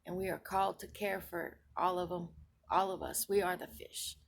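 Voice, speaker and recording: Woman with a gravelly, creaky voice; earnest Christian vlogger retelling a dream, emphatic and repetitive. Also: lowish voice, flat delivery, moderate pace. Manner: earnest, emphatic, repeats herself, restarts phrases. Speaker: Christian video blogger. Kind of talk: recounting a dream and its spiritual meaning.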